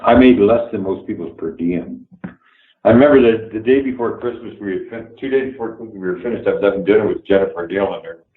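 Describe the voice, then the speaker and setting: An older man with a fairly low voice tells stories bluntly, swearing freely and chuckling as he goes. His voice sounds roomy and echoey. It comes through a thin, phone-like line. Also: fast. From Canada, Toronto. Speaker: interview guest, actor. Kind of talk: storytelling anecdotes in a remote interview. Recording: echoey room over a tinny phone-like line.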